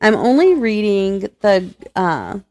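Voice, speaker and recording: A woman co-hosting a relaxed book podcast at a middle pitch. She talks loudly and laughs often, working through her thoughts with plenty of pauses. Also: slight background noise. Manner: loud, laughs a lot, hesitant with fillers. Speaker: podcast co-host. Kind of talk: casual chat.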